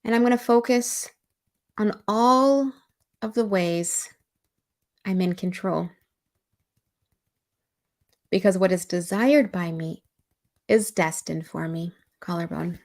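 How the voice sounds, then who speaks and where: A woman's voice: on the low side, slow pace, long pauses. A woman coaching a live-stream EFT tapping and guided meditation session, speaking in a soothing, encouraging voice.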